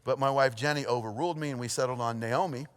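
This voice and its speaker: A pastor preaching a sermon, telling a story with lively energy, then dropping to a hushed, earnest tone. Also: male voice, mid-range voice, quick pace. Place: church auditorium. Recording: long hall reverb.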